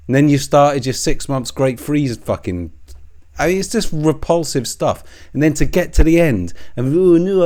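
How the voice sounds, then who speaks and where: A man's voice: mid-range voice, darkish tone. A man delivering a profane, scornful, sarcastic political commentary rant. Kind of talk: ranting commentary.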